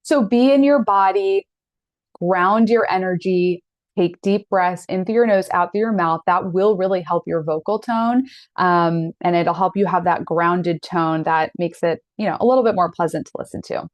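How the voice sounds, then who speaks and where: A woman's voice: on the low side, normal speed, no echo, dull audio. A woman in her thirties teaching an online masterclass in an earnest, direct, encouraging way. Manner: earnest, direct, encouraging, with animated quoted asides.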